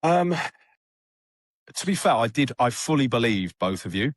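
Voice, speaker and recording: A man's voice: mid-range voice, very animated, normal speed, no room sound, clean studio sound. A young man, a rehab client, telling his story in a candid, plain-spoken way with plenty of fillers. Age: young adult. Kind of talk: casual storytelling.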